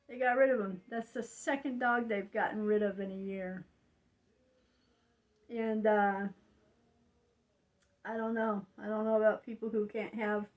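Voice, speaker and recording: Slow, rambling older woman. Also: fairly high pitch, rough recording. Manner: slow, rambling, confiding, with frequent "you know". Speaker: vlogger. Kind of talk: casual monologue.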